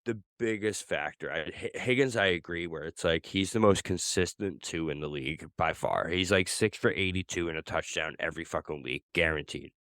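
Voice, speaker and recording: A deep-voiced man co-hosts a casual sports podcast and rambles from point to point, cursing freely and restarting his sentences. His voice is close and dry, with no room sound. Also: fairly quick, few pauses, a bit bright, no echo. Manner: rambling and profane, with many restarts. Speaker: podcast co-host.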